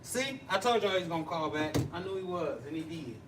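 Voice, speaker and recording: Excitable man chatting on a livestream. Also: on the high side, brisk. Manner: chatty and excitable, laughs and teases. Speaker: livestream host. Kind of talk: casual live chat. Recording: distant mic with noisy background.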